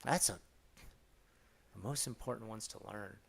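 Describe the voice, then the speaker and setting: A man's voice: lowish voice, normal speed, gravelly, husky. A man from Florida in his thirties or forties, hosting a casual live Q&A, rambling and swearing freely as he tells stories. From Florida, USA. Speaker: live stream host answering questions.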